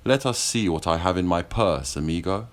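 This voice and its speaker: A man's voice: low-pitched, moderate pace, close to an everyday voice. A man voicing a cruel, brash French naval commodore who barks and sneers. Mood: sinister. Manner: barking, spitting, sneering.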